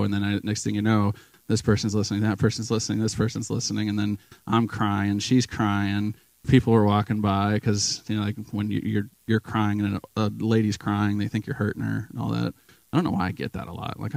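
A man's voice: lowish voice, vocal fry, a little mellow, no room sound, rough recording. A man giving a casual, emotional sermon in a church, telling a story with lots of restarts and fillers. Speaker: guest preacher.

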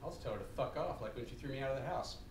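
A man's voice: mid-range voice, lively intonation, rapid-fire, background noise, lightly acted. An actor playing a hot-headed, crude middle-aged man who bullies and taunts people with profanity. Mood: scornful. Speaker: actor in a short comedy film. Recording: roomy, distant, music behind.

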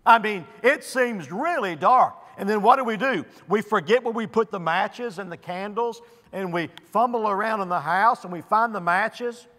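A man preaching a sermon as pastor, slow and emphatic, leaning hard on key words with pauses between them. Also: sits high, bright, forceful tone. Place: church sanctuary. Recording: long reverb of a church hall.

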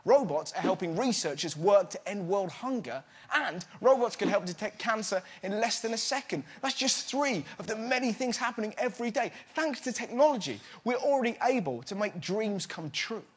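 A man's voice: high voice, animated, normal speed, hardly any pauses, slightly rough. A man hosting a televised stand-up comedy monologue, talking with great energy and bursting into shrieking put-on voices. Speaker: comedian host. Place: TV studio with live audience. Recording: loud live studio audience. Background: audience laughter.

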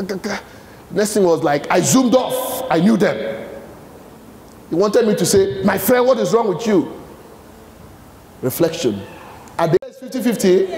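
A man's voice: high-pitched, a little mellow, slight background noise. A Nigerian man giving a live leadership talk to an audience, quizzing them with fill-in-the-blank questions. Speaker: motivational speaker. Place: large hall with a live audience. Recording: echoey hall with long reverb.

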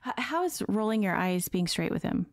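A woman's voice: medium pitch, very animated, fairly quick, no echo, clean studio sound. A woman hosting and coaching, asking direct, probing questions in conversation. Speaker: host and relationship coach.

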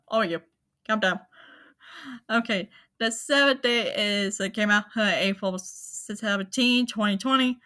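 A woman hosting her own channel, talking casually to viewers in a halting, apologetic way, with many fillers and restarts. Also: a little high, pushed and bright. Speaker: anime channel host. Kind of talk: casual spoken rundown to viewers.

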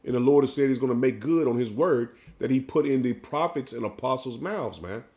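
Preacher, male, emphatic and insistent, tags lines with "man", mid-pitched voice. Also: animated, brisk, mellow. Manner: emphatic, ends phrases with "man". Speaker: street preacher. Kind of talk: preaching sermon.

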